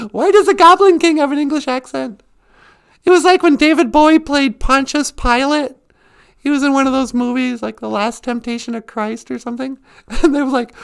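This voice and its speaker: Her voice sits high with some vocal fry, moving at a moderate pace broken by long pauses. She's hosting a live stream and keeps the talk casual, giggling and laughing a lot in an animated way.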